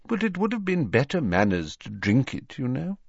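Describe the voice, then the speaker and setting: A man voicing a calm, courteous old male wizard who speaks politely and measuredly, in a dry, slightly dull recording. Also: medium pitch, vocal fry, breathy edge, dry recording, voice pushed up, exaggerated voice. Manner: polite, measured, gently ironic.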